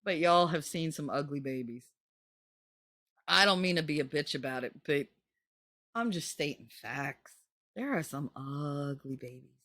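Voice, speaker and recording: Lively, blunt, joking woman host. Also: measured pace, long pauses, no room sound. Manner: blunt, joking, swears freely; animated, swoops into squeaky high pitches. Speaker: channel host reading a book with commentary. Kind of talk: casual chatty commentary.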